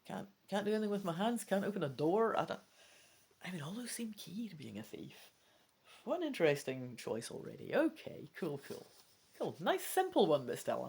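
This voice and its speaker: Woman, let's play host, reading a gamebook aloud, muttering asides, breathy tone, animated intonation. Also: on the low side. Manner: thinks aloud, drops into soft muttering.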